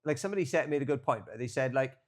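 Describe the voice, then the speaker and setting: Casting note: young male podcast co-host, mid-pitched, loose and chatty, swears freely, lots of "um" and "like". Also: animated, rapid-fire. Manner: rambling storyteller, swears freely, filler-heavy. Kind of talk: casual chat.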